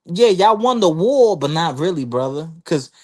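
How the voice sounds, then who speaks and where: Man rambling on a podcast, kinda high voice, lots of quick asides. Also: very animated. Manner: rambling storyteller, slips into quoted voices. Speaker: podcast panelist. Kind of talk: casual chat.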